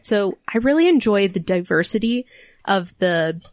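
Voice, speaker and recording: A woman's voice: mid-range voice, expressive, moderate pace, a little mellow, no room sound. Young woman tattoo artist on a podcast, chatty n sentimental, laughs a lot, dry close mic. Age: young adult. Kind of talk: casual interview chat.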